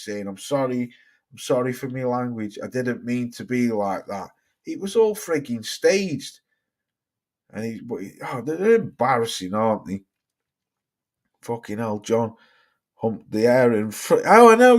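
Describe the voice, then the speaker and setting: Man, middle-aged, boxing stream host, sweary, exasperated, casual rant, reads chat. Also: mid-range voice.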